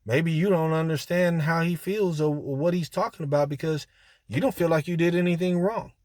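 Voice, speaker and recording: A man's voice: a little high, moderate pace, darkish tone, dry recording, clean studio sound. Casual man giving relationship advice. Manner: conversational, repeats himself, addresses listeners directly; colloquial, with frequent fillers. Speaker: relationship talk host.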